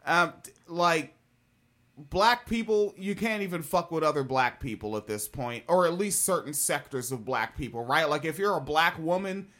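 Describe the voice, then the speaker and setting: A host rants through reaction commentary in a blunt, profane way, mid-pitched and plainly spoken. Laughing asides break up the opinions. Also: expressive, moderate pace, fairly bright tone.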